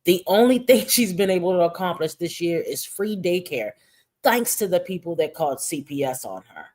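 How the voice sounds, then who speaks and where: A woman's voice: fairly low pitch, lively intonation, moderate pace, a little mellow. A woman hosting casual livestream commentary, talking in a profane, mocking way.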